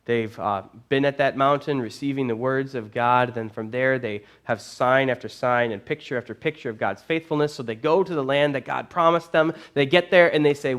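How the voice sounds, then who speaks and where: A man preaching a sermon as a pastor, retelling a story with animated, casual phrasing. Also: mid-range voice, a little fast. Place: church.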